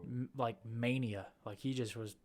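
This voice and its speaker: A man co-hosting a casual podcast, relaxed and agreeable, with blunt opinions. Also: medium pitch, moderate pace. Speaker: podcast co-host.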